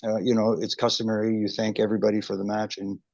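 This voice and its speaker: A middle-aged man recounts a memory in a chatty, restart-filled way. His voice sits low and gravelly, and the call audio is dry and dull. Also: completely flat delivery, quick pace, darkish tone, no echo. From Canada. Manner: chatty, many fillers and restarts, emotional recollection. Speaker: guest, retired wrestling referee. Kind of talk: anecdotal interview storytelling.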